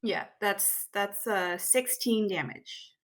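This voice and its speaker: Woman player, unhurried, nervous and giggly. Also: mid-range voice, rough recording. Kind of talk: tabletop game play.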